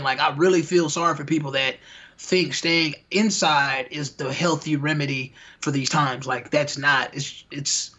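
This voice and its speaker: A man's voice: on the high side, bright, forceful tone. A young adult man co-hosting a podcast in a casual, laid-back, slangy way. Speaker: podcast co-host. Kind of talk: casual chat.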